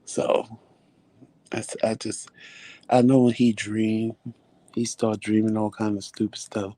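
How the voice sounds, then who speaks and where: A man's voice: fairly low pitch, unhurried, dry recording. A man vlogging, telling a story casually and animatedly, acting out what people said. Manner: animated, acts out quotes.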